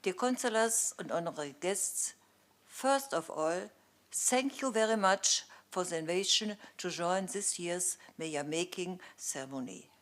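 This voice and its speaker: Casting: woman, German accent, lowish voice, careful formal greeting speech. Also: a bit bright. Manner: careful, slightly halting, clears throat. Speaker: visiting civic representative.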